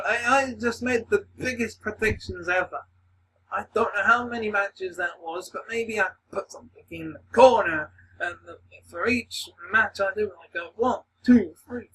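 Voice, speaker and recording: Man, high voice, bright edge, rambling and excitable, swears a lot, sits a bit off the mic. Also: distant mic, a little hiss or hum, low-quality recording. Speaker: video maker giving predictions. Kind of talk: casual excited monologue.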